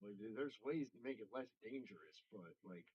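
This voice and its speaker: A man's voice: on the low side, lively intonation, fairly quick, darkish tone, slightly rough, muffled recording. A man in casual podcast chat, rambling with stacked fillers and restarts and casual swearing.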